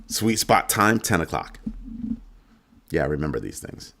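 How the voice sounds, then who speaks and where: A man's voice: very deep voice, huge pitch swings, measured pace, creaky, a bit bright, slight background noise. A middle-aged man hosting a finance channel, delivering a heated, sarcastic rant with strong emphasis. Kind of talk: ranting monologue.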